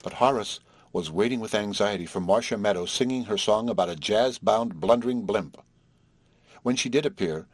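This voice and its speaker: Lively low-voiced male narrator. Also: dry recording. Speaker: audiobook reader. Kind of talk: scripted narration.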